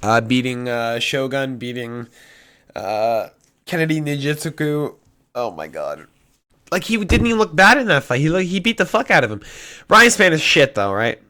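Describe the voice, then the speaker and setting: A young man casually talking through fight predictions, cursing often and changing his mind out loud. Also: mid-range voice, big pitch swings, normal speed. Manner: indecisive, swears often, flips picks. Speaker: MMA prediction YouTuber. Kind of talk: casual solo prediction talk.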